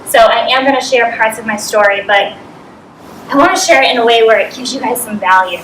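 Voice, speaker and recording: Nervous fast-talking woman with a Boston accent. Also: a little high, a bit bright. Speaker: speaker at a coaching event. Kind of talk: motivational speech to a live audience. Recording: echoey room from a distant mic with faint noise.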